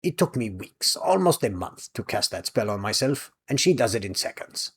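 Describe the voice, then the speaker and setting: A man's voice: fairly low pitch, sing-song, normal speed, slightly rough. A man voicing a formal, playful noble lord with mock indignation. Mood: mock-indignant. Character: teasing aristocratic older male lord.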